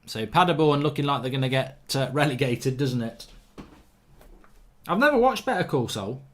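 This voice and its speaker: A man with a medium-pitched, expressive voice hosts a live football watchalong. He chats casually, reads out viewer comments, gives strong opinions, and gets worked up quickly over refereeing.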